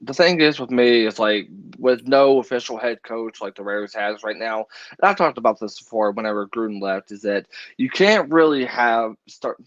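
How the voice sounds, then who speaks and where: A man's voice: mid-range voice, moderate pace, a bit bright, no echo. A man co-hosting a sports podcast in casual chat, hesitant and repeating words as he talks. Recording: dull, slightly lo-fi mic.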